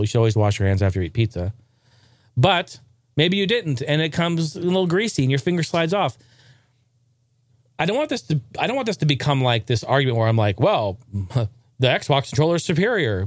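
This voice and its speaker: A man's voice: on the high side, no echo, studio quality. A man hosting a gaming show, ranting casually with profanity and jokes. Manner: profane, excitable, jokey.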